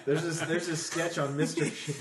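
A man in casual podcast chat, jokey and quick to laugh, slipping into impressions as he tells stories. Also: fairly high pitch, slight background noise. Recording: roomy echo.

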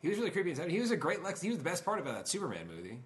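A man's voice: sits high, wildly swooping pitch, very fast. A man in casual podcast chat, making brief, agreeable remarks. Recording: roomy echo with faint background noise.

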